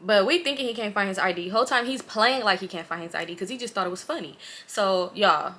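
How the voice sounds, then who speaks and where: A woman in her late twenties tells a wild story straight to her viewers in a casual vlog. Her voice is bright and forward, and she talks in an animated, slangy way with plenty of swearing. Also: medium pitch, quick pace. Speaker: vlogger.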